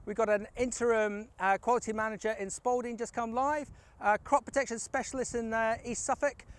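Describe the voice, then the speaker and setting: High-voiced chatty man. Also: fairly even intonation, a little fast, clean tone. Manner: chatty, enthusiastic, frequent "fantastic". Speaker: recruitment firm host. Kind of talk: casual video blog with a told joke.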